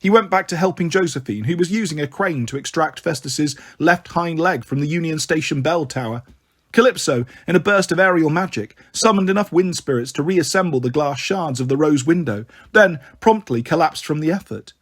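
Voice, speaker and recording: Male storyteller, slightly raised pitch, expressive first-person audiobook reading. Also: moderate pace. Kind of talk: audiobook narration.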